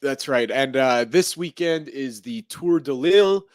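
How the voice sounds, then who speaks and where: A man hosting a sports podcast in a chatty, animated way with quick asides. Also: medium pitch. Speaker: podcast host. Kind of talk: casual sports podcast chat and sponsor reads.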